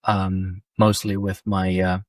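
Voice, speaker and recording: A man hosting a podcast, speaking in a hesitant, casual way with frequent pauses. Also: low-pitched, level tone, dry recording, studio quality. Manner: hesitant, many fillers and restarts, soft-spoken replies. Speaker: podcast host. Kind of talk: casual interview chat.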